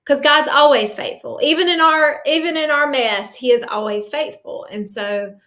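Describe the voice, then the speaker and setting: High-voiced earnest woman yoga teacher. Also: normal speed, a bit bright. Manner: earnest, emotional, testimony-like. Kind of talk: faith-centered interview talk.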